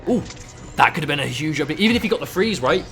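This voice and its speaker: Brief: male color caster, bit high, lively pitch, faint music behind. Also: very fast, vocal fry. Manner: analytical, wry jokes about players' choices. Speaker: esports co-commentator. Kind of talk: live fighting game commentary.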